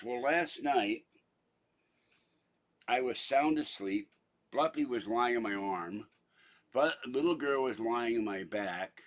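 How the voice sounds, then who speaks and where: A man's voice: medium pitch, fairly bright tone. An older man from Pittsburgh, talking in a rambling, chatty monologue full of theatrical asides. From Pittsburgh, Pennsylvania. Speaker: vlogger.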